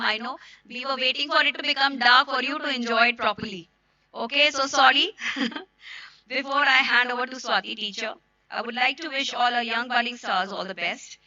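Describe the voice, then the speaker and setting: A middle-aged woman, a school principal with an Indian accent and a hoarse voice, giving a speech to parents and students at a school event, moving between English and Hindi. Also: fairly high pitch, bright, forceful tone, no room sound, highs cut off.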